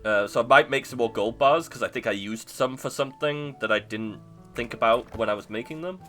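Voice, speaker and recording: A man's voice: medium pitch, a little fast, fairly bright tone, faint music behind. A man streaming live gameplay, chatting to himself in a self-mocking way and laughing easily. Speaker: video game streamer.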